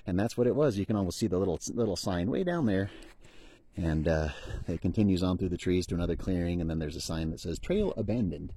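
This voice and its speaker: Very deep-voiced man vlogging on a mountain trail. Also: lively intonation, quick pace, dark tone, breathy edge, no echo. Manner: rambling, enthusiastic, self-deprecating. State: out of breath after sprinting. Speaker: hiker vlogger. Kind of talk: casual outdoor vlog narration. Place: outdoors on a high mountain meadow trail.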